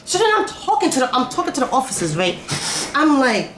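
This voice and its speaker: A young woman vlogger telling a casual storytime, animated and swearing as she acts out her own reactions. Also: sits high, brisk. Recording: echoey room, faint noise.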